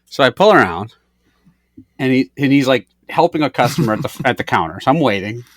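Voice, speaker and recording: A man's voice: medium pitch, animated, fairly quick, no echo, studio quality. A man co-hosting a podcast, telling a story in casual chat, acting out both sides and swearing freely. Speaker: podcast co-host.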